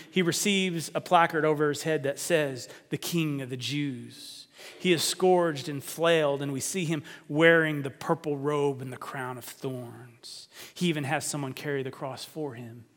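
A man's voice: a little high, fairly bright tone. A man preaching a sermon, asking his listeners questions, stressing words and often repeating himself. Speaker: pastor. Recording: long reverb of a hall.

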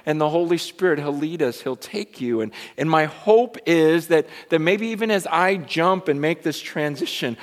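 A fairly high-voiced man in his forties preaching a story-driven sermon to a congregation. He tells it with animated energy, then drops into hushed, prayerful reflection. His voice carries the long, lingering reverb of a large church hall. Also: moderate pace, few pauses. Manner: animated storyteller, swinging between excited and hushed prayerful tones. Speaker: pastor.

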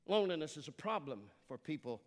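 An older man preaching a sermon in earnest tones, with dramatic pauses and the odd self-correction. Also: fairly high pitch, big pitch swings. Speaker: pastor. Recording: long hall reverb.

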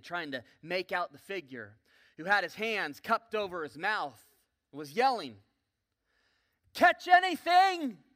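A man preaching a sermon in a church, telling a story vividly with joking asides and sudden swings between loud and soft. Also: fairly high pitch. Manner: folksy, joking asides to the congregation. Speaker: pastor. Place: church sanctuary.

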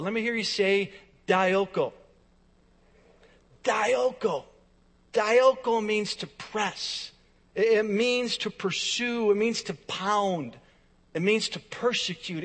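High-voiced preacher in an echoing hall. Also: male voice, measured pace, a bit bright. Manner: emphatic preaching with repeated phrases and swings in volume. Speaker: pastor. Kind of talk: sermon. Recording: long reverb of a large hall.

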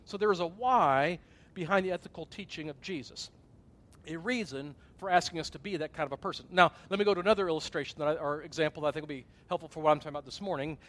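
Pastor, middle-aged man, high voice, chatty sermon delivery with acted-out asides. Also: fast talker, a bit bright. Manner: conversational preaching, acted-out asides and gasps.

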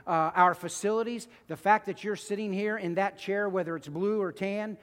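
High-voiced pastor preaching in a reverberant hall. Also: male voice, moderate pace, a bit bright. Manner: conversational preaching with repetitions and stories. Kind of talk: sermon. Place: church sanctuary.

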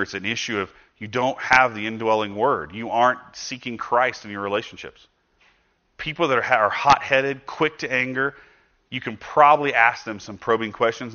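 A man preaches a sermon in a bright, forceful voice. He talks to his listeners in a conversational way, asks them rhetorical questions and acts out quoted speech with sudden bursts of loudness. The recording sounds dull and lo-fi. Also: mid-range voice. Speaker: pastor.

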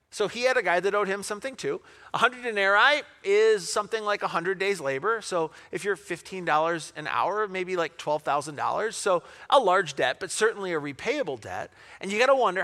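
A man preaching a sermon, telling a parable in an animated way, with asides and rhetorical questions. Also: sits high. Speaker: pastor.

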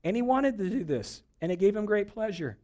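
A man's voice: sits high, expressive, a little fast, warm tone. A man preaching a sermon in a conversational, joking way, a pastor who acts out little voices to make his points. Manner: conversational and humorous, acting out voices for jokes.

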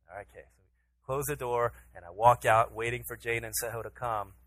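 Bright-voiced man preaching with a story. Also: medium pitch, fairly even intonation, a little fast, no echo, poor audio. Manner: storytelling, acts out his own pleading voice to his toddler. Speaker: pastor. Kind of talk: sermon with a personal story.

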